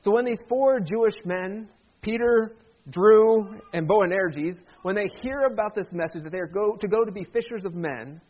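A man's voice: sits high, moderate pace, dull audio. A man preaching a sermon as pastor in a church, conversational with joking asides.

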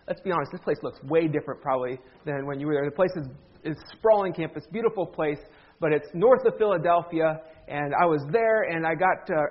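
High, husky-voiced joking pastor. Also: male voice, highs cut off. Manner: joking, self-deprecating storyteller. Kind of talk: humorous sermon. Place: church sanctuary.

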